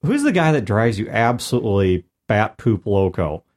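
A man in a casual podcast chat, explaining game-mastering advice in a measured way. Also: lowish voice, sing-song, a little mellow. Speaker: podcast co-host.

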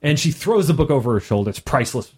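A man's voice: mid-range voice, very fast, slightly rough. A man who runs tabletop games, recounting a session in casual chat and acting out the characters as he goes. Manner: animated storyteller who acts out characters. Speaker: game master.

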